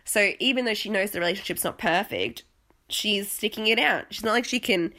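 A young woman with an Australian accent talks in a loose, rambling way, giggling at herself and trailing off mid-thought. She sounds a little sniffly and hoarse, as if her voice is wearing out. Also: medium pitch, brisk, pushed and bright. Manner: chatty, rambling, giggly, self-deprecating. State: sniffly, voice failing. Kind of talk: casual reality-TV recap.

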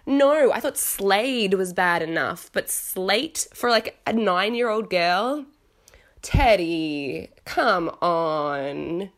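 A woman's voice: mid-range voice, lively intonation, drawn-out words, a bit bright. A woman recapping a reality show at home, talking in a frank, chatty way and swearing casually. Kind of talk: casual chat. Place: home with cats nearby.

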